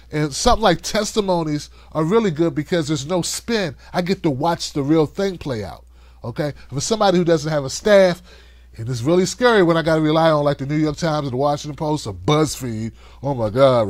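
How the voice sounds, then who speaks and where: A man hosting a livestream of political commentary, talking in an animated, conversational way and cussing freely. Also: a little high, dry recording. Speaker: host.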